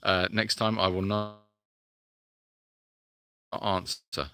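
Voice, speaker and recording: A man's voice: sits low, level tone, slow pace, bright, forceful tone. A man hosting a live sanctuary chat, reading out viewer comments and answering in a chatty, rambling way full of fillers.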